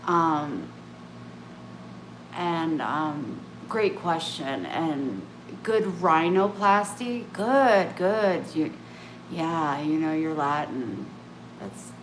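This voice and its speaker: A woman's voice: low-pitched, animated, extremely slow, background noise. A woman vlogging in casual, rambling chat to camera, often breaking off and restarting, candid about herself. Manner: meandering, self-interrupting, candid. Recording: echoey room with faint ambience.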